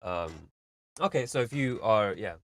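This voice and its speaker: A man's voice: lowish voice, expressive, unhurried, a bit bright. A man hosting a live stream, giving casual, rambling music feedback full of fillers and vivid analogies.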